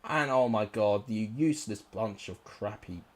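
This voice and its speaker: This gaming YouTuber, a young man with a lowish voice and a slightly slow delivery, commentates live on his football game. He gets frustrated and exclamatory, cursing at his players.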